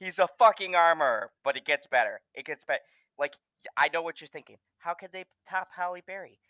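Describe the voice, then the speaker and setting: Excitable, foul-mouthed man hosting a watch-along. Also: fairly high pitch, brisk, no echo, dull audio. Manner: excitable, gushing and heavily profane. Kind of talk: casual chat.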